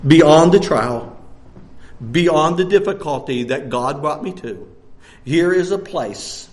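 A man preaching a sermon, animated, jumping between loud bursts and hushed lines and laughing often. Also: fairly high pitch, slow.

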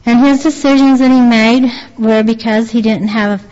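A woman earnestly retelling a religious testimony as a lay preacher, halting and restarting her sentences. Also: a little high, fairly even intonation, a little mellow. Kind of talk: devotional storytelling. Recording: long reverb, dull lo-fi sound.

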